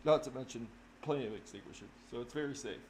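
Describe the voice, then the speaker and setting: A man rambles to his stream audience in a casual, profane way, swearing freely and getting animated as he makes his point. His voice sits in a middle pitch, and the room rings with echo under a clear layer of background noise. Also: fast talker. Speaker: livestreaming drummer. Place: home room.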